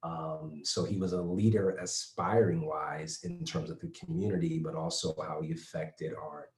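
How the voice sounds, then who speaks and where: A man's voice: low-pitched, expressive, normal speed, darkish tone. A man, a personal trainer, talking as a guest in an interview, upbeat and laughing as he tells stories. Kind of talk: interview conversation. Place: remote, in his own home base. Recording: echoey room.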